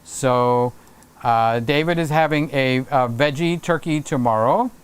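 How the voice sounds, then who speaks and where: An excitable, jokey man hosting a casual livestream from a home room, reading out viewer comments with lots of fillers and teasing. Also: medium pitch, a little slow, smooth. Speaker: livestream host. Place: home room with Christmas tree set.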